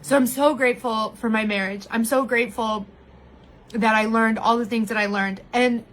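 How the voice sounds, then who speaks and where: A woman with a high voice shares a heartfelt personal story on a live stream. She talks openly and candidly to her viewers, laughing often as she goes. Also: fairly even intonation, normal speed, a bit bright. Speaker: vlogger sharing personal story. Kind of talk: emotional live-stream monologue.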